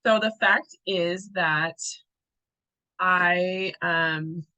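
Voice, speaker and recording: A woman's voice: fairly low pitch, extremely slow, bright, forceful tone, clear, resonant tone, lo-fi sound. A young adult woman coaching a group in a casual teaching talk. She sounds chatty and loose, with fillers and restarts.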